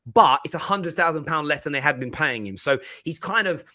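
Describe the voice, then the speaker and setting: A man hosting a football podcast in an animated, casual chat. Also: on the high side, a little fast. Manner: animated, laughing, chatty.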